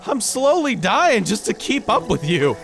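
Excitable young man narrating gameplay. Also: high-pitched, a little slow, gravelly. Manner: excitable, goofy, talks to game characters. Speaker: let's play host. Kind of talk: casual gameplay commentary. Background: game music.

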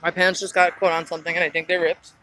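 A woman's voice: lowish voice, flat delivery, fast talker, pushed and bright, low-quality recording. A woman vlogging in a car and at dumpsters, chatting casually and telling a story in fits of giggles. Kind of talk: casual vlog chat.

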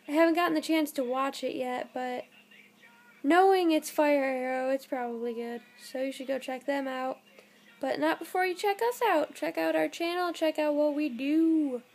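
A woman's voice: high-pitched, moderate pace, darkish tone. A young woman vlogging at home at night, very tired and yawning, rambling in a scattered way. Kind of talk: casual vlog to camera.

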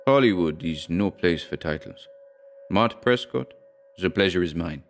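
A man voicing a charming, soft-spoken male vampire aristocrat in a horror audiobook. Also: sits low, animated, unhurried, soft background music. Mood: suave.

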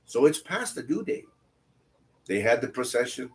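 A man's voice: medium pitch, wildly swooping pitch, normal speed, long pauses. A man teaching a Bible study, reading scripture aloud and breaking off into blunt, conversational asides that repeat phrases for emphasis. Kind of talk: scripture reading with casual commentary.

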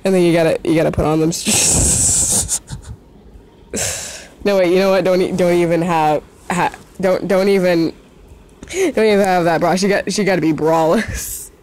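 A teenage drawing vlogger gives casual, giggly commentary while drawing, mocking themself and swearing often. The mid-range voice is steady, unhurried, and a little mellow, with frequent pauses, rambling, trailing off, and restarting.

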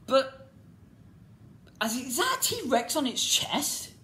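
A woman giving a casual, ranting review as a vlogger, exasperated and repetitive, swinging between loud outbursts and low muttering. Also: very animated, slow. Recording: echoey room with faint background noise.

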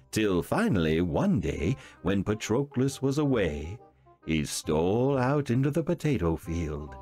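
A man reading a fairy tale aloud in an expressive, dramatic storytelling manner. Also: mid-range voice. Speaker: reader. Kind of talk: storybook narration.

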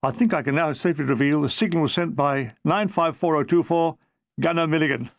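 Older man, comic memoir narration, dry deadpan timing, high-pitched, gravelly edge, dead dry room. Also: no room sound. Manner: dry comic delivery, jumping into quick put-on voices. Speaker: author reading his own memoir.

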